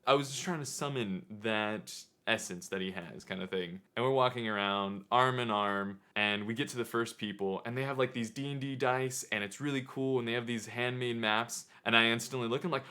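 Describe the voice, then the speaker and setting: A man vlogging, telling a self-deprecating story in an animated, casual way. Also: medium pitch. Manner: animated, self-deprecating, quick to act out scenes.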